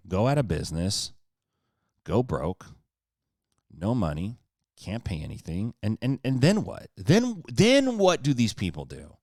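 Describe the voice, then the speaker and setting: Man, low voice, swinging pitch, casual podcast rant, fired-up, sarcastic, dry close sound. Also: dry recording. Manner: fired-up, swearing, animated; sarcastic joking. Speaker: podcast guest.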